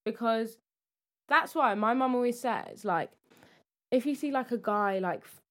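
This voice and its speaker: A woman's voice: fairly high pitch, measured pace. A young woman co-hosting a casual podcast, talking expressively and acting out other people's reactions. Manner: expressive, acts out other people's lines in exaggerated voices. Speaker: podcast co-host. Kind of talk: casual chat.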